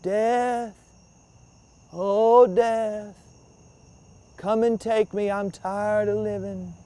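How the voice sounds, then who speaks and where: Man putting on a puny sickly guy, whiny and high, moaning. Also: fairly even intonation, very slow, mellow. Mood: wailing. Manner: whining, wailing. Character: sickly, puny, complaining male dockworker.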